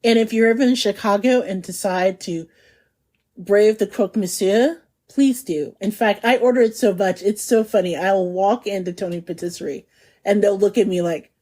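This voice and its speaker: A woman hosting a food podcast in casual chat, lively, laughing often and lingering over food descriptions. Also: medium pitch, normal speed. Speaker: podcast host.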